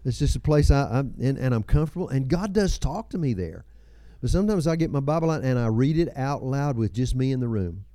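A man's voice: mid-range voice, expressive, brisk, few pauses, mellow, no echo, studio quality. A man in his seventies preaching a sermon, with folksy storytelling, chuckles and personal asides. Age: 70s. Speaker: pastor.

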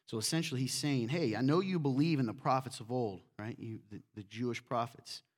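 A man preaching a sermon in a church, animated and acting out quotes in different voices. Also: mid-range voice, fairly quick. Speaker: pastor.

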